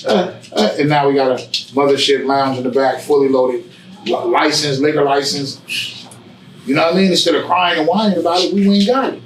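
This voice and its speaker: A man telling his story in a casual interview, with preachy, animated storytelling and street slang. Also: a little high, moderate pace, reverberant, distant mic, a little hiss or hum, rough recording. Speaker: guest, barbershop owner. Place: barbershop.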